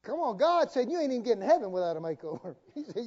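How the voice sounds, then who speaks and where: A man's voice: high voice, sing-song, fast talker, few pauses, darkish tone. A man preaching a sermon as the pastor, folksy and joking, calling on the congregation to repeat after him. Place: church sanctuary. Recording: dull, reverberant live church stream.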